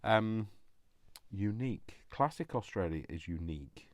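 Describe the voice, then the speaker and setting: A man's voice: lowish voice, expressive, a little slow, darkish tone, no echo. A man chatting casually to himself as he makes crafts, rambling with jokey asides. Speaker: craft channel host.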